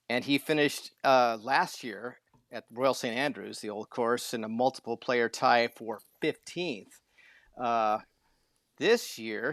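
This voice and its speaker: A man co-hosting a sports talk podcast, his voice sitting at an ordinary middle pitch. He rambles through the topics with folksy asides and sounds close and dry, with no room behind him. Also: a bit bright, dry recording. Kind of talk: casual sports chat.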